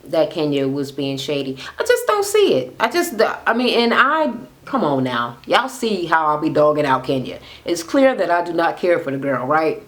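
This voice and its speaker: A woman's voice: low voice, moderate pace. A woman ranting casually about a reality show, sassy and swearing freely, acting out what people said. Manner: animated, sassy, swears freely, acts out quotes. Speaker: reality TV recap vlogger. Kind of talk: casual profane recap rant.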